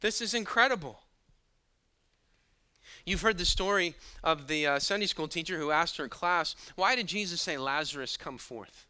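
A male pastor delivering a sermon in a very bright, ringing voice that sits a little high for a man. He drops to near-hushed asides, then surges back up loud, with the odd chuckle at his own points. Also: animated, normal speed, clean tone. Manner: dramatic, shifting between hushed asides and loud bursts.

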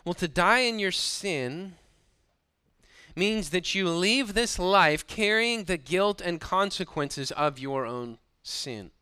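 Bright, clear-voiced male preacher. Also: high-pitched, expressive, takes it slowly, no room sound. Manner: preaching with rising emphasis and sarcastic asides. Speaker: pastor. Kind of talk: sermon.

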